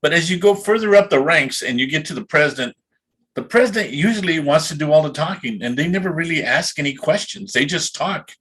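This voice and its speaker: A man on a recruiting panel, explaining points calmly with some restarts. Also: on the high side, brisk, breathy edge. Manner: calm, explanatory with repeated restarts. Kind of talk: casual panel discussion.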